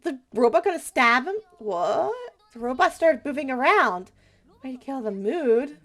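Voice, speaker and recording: A woman's voice: sits high, expressive, unhurried, fairly bright tone. A young woman streamer playing a story game, chatty and playful, reacting with jokes. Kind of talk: game playthrough commentary.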